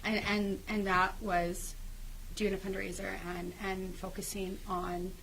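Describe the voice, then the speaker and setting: A woman's voice: medium pitch, flat delivery, a little slow, noisy background. A woman guest in an interview, telling her own story earnestly, with many restarts and fillers.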